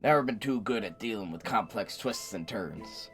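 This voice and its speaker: A man voicing a gruff, blustery old male pirate in a slow drawl while reading game dialogue. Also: lowish voice, expressive, soft background music, voice pushed down, close to an everyday voice. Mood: puzzled.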